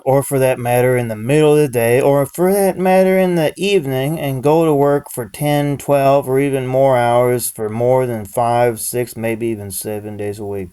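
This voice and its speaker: A man's voice: mid-range voice, dark tone, clean tone. A man giving a profane, repetitive rant in his own vlog, often chuckling to himself. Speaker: vlogger. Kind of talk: ranting monologue to camera.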